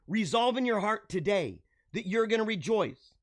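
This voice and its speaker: A man's voice: sits high, animated, normal speed, no room sound, clean studio sound. A man hosting a live show, delivering an exuberant, preachy motivational monologue and laughing often.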